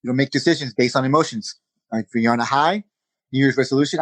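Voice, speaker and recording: Energetic man talking on a dry podcast mic. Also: medium pitch, fast, no room sound, poor audio. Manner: energetic, conversational, peppered with "you know" and "man". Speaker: jiu-jitsu instructor, podcast guest. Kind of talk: casual interview chat.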